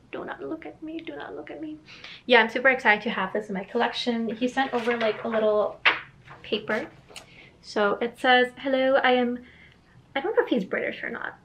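A woman illustrator chats to her viewers in a casual vlog. Her voice sits a bit high, and she rambles happily with plenty of fillers. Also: fairly bright tone. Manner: bubbly, rambling, many "like" fillers. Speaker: children's book illustrator vlogging.

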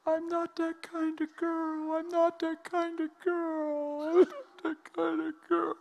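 A man voicing a heartbroken woman in her fifties who pleads slowly through tears, inside a sermon story. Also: extremely high pitch, monotone, gravelly, voice pushed up, full character voice. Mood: sobbing. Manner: tearful, slow, pleading.

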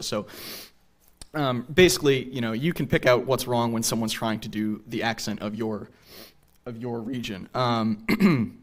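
A young man giving a conversational local history lecture in a small theater, with frequent ums and asides of "right?". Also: mid-range voice. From New England. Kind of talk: public lecture with slides.

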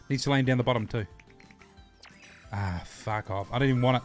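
A man chats loosely on a livestream, swearing and joking as he reads out his viewers' messages. His pitch sits at an ordinary middle height, and faint music runs underneath. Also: a little fast, pauses often. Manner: crude, jokey banter, reads chat aloud, repeats himself. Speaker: livestream host. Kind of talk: casual livestream chat while gambling.

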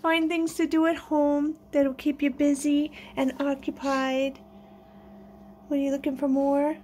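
A pet vlogger at home at night speaks in a high-pitched, mellow voice with little pitch movement and a measured pace, over a slight hiss or hum. She addresses her pets in a sing-song baby voice and chats casually with viewers.

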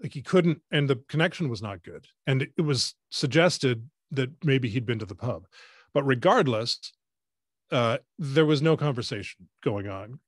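A man's voice: mid-range voice, animated, normal speed, no room sound, studio quality. A man, a radio co-host who is a guest here, rambling and correcting himself as he tells stories over a video call. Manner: rambling, self-correcting storyteller. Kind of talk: casual talk in a webinar.

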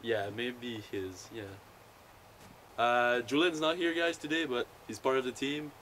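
A man's voice: mid-range voice, measured pace. A young French Canadian man hosting a casual outdoor vlog, joking and playful. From Quebec, Canada. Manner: playful, joking, lively banter. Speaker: channel host. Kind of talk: casual chat. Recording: faint outdoor noise.

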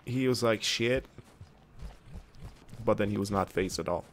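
A man's voice: lowish voice, fast talker, a little hiss or hum. A man casually commenting while he plays a video game, reacting aloud, joking to himself and answering viewer comments. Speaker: gaming video host. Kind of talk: casual let's-play commentary.

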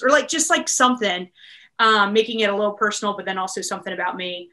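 Bright-voiced chatty woman, upbeat. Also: medium pitch, normal speed. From Maryland, USA. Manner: chatty and upbeat, laughs often, many fillers. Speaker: real estate team leader, interview guest. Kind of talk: casual interview chat.

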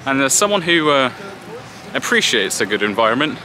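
A young British travel vlogger, very animated and brisk in a medium-pitched voice, talks to his handheld camera at arm's length while moving through a city. He rambles and makes fun of himself in a casual monologue over a noisy background.

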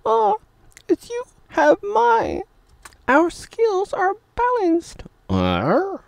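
A squealing, flustered young woman, as a man puts her on in falsetto for a comedic voice-over. The voice leaps wildly up and down and the sound is close and dry. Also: huge pitch swings, very slow, gravelly, no echo, exaggerated voice. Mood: swooning.

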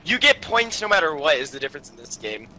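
A man chatting casually while playing a shooter with a friend, joking and yelling out loud. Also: fairly high pitch, very animated, fast, slight background noise, low-quality recording. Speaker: gamer. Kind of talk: casual gaming banter.

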